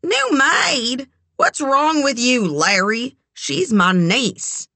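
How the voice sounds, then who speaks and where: A woman voicing an eager, meddling aunt who coaxes and scolds in a raised, drawn-out voice. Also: fairly high pitch, very animated, vocal fry, pushed and bright, no echo, pitched above the performer's own voice, full character voice. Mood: indignant.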